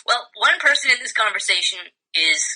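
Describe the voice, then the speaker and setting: A man holding his ground in a heated debate, speaking quickly but evenly. His voice is strikingly bright and edgy, with a husky, breathy grain, and he keeps steering back to one question. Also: sits high, poor audio. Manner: calm, insistent, repeats his question.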